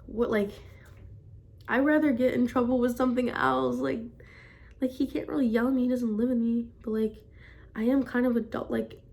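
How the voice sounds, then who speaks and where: A woman's voice: a little high, fairly even intonation, moderate pace, darkish tone. Chatty young woman rambling, fillers everywhere. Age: young adult. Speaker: vlogger. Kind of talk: casual storytime vlog.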